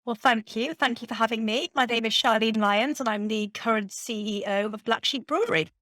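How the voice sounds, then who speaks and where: A woman's voice: a little high, fairly quick, a bit bright, no room sound, studio quality. A woman with a Geordie accent, a company chief executive answering podcast interview questions in a confident, upbeat, businesslike way. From Newcastle, England. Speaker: brewery chief executive, guest.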